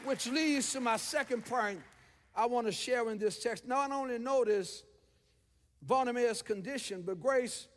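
A man preaching a sermon in a church, using rhythmic repeated phrases that build to shouts. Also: very high voice, measured pace. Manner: rhythmic repetition, rising to shouts. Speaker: pastor. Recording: long church reverb.

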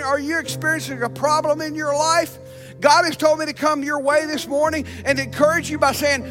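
A male pastor preaches in a church, calling out to his congregation as his delivery swings between loud declarations and hushed asides. His voice sits very high with a bright, forceful edge. Faint music plays underneath. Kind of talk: sermon. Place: church sanctuary.

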